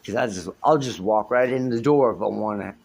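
A man's voice: fairly low pitch, brisk, vocal fry, a little mellow, slightly rough. A man telling raw, rambling stories on his own phone vlog, agitated and swearing as he talks, recorded in a hotel room on a handheld phone. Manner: raw, unscripted storytelling. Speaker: vlogger.

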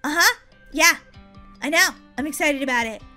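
Brief: woman voicing hyper little girl, high, very bright, chatty game role-play. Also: normal speed, soft background music. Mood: excited. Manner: chatty, excitable, talks to herself, giggly. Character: excitable young girl Molly. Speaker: roleplay gamer.

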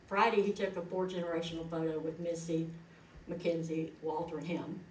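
A woman's voice: low-pitched, level tone, fairly quick, a little mellow, slight background noise. A middle-aged woman, giving a eulogy in a chatty, folksy storytelling way. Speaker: eulogist, daughter of the deceased. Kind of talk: eulogy told as personal stories. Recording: echoey hall, voice from far off.

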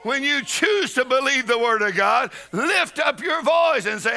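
A man's voice: very high voice, animated, a little slow, few pauses. A middle-aged man preaching a charismatic sermon, exhorting and repeating lines as he builds up. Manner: shouting, exhorting, repetitive call-and-response.

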